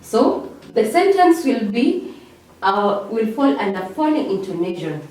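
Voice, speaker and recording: A woman English teacher giving a revision lesson, talking slowly and repeating key words with drawn-out emphasis. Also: fairly high pitch, sing-song, darkish tone. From Kenya. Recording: echoey room, far from mic.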